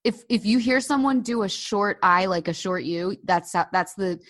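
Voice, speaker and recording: A woman co-hosting a podcast in casual chat, talking in an animated way with lots of "like" fillers. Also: medium pitch, moderate pace. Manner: chatty, animated, frequent "like" fillers. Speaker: podcast co-host.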